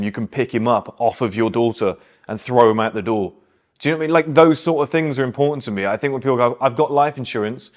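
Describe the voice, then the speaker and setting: A young man speaks in a blunt, emphatic, preachy way, like a motivational host lecturing his audience. His voice sits at an ordinary middle pitch. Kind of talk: motivational monologue.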